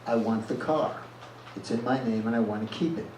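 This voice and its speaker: A man reading the lines of a cold, stubborn young woman ending a relationship, in a flat and insistent way, heard from far off in an echoey room with noise behind. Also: mid-range voice, a little fast, lightly acted.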